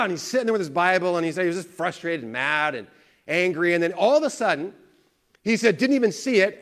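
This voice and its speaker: A man preaching a sermon, telling stories animatedly and acting out the voices of the people in them. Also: high voice. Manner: animated storyteller, acts out quoted voices. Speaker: pastor. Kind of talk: sermon with storytelling.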